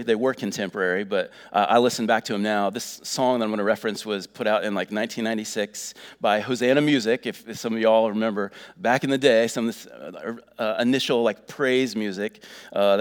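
Earnest pastor with a low voice. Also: male voice. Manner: folksy, earnest, many fillers. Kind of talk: sermon.

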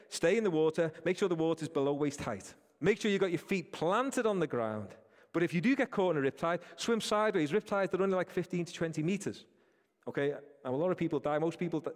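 A man's voice: mid-range voice, darkish tone. A man preaching a sermon, earnest and direct, speaking to his listeners as folks. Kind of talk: sermon with a personal story. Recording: reverberant hall.

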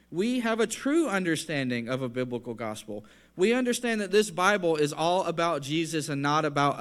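A man's voice: high voice, fairly bright tone. A man preaching a sermon in an earnest, conversational way, building to emphatic points.

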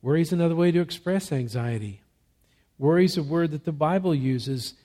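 Man preaching a dynamic sermon. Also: on the high side. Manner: swings from soft, slow emphasis to loud, rising exhortation; asks rhetorical questions and answers them. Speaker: pastor.

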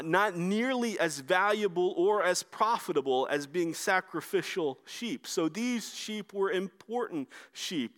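Conversational preaching man, higher voice. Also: fairly bright tone. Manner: conversational preaching, shifting between brisk and slow emphatic delivery. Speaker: pastor. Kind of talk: sermon.

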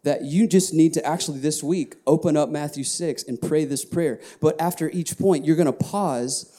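A man with a high voice preaching to his church, his tone mellow and warm. He shifts between soft, hushed prayer and lively, shouted praise. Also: moderate pace. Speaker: pastor. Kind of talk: sermon.

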